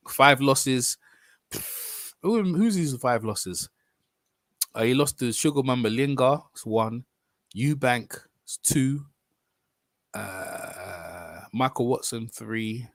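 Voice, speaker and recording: A man's voice: mid-range voice, no echo. A man hosting a casual boxing live stream, rambling and chatting with his viewers. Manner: rambling, chatty, talks to viewers, self-corrections.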